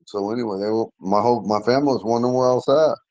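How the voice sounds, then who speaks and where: A man in his forties, slightly hoarse, telling a long personal story in a casual, rambling way, often restarting and clearing his throat. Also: medium pitch, very fast, a little mellow, dry recording, low-quality recording. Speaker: language class member telling a story.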